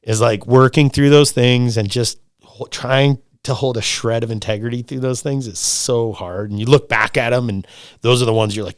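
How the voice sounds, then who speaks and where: A middle-aged man in casual podcast conversation, talking in an animated, rambling way, swearing freely and repeating himself. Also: mid-range voice, moderate pace, smooth, no echo, clean studio sound. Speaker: lodge owner, podcast guest.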